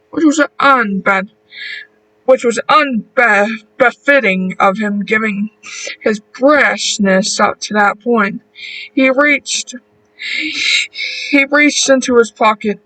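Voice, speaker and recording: A man reading a horror story aloud, slow and deliberate, with a few small restarts. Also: high voice, pushed and bright, far from the mic, low-quality recording. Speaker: narrator.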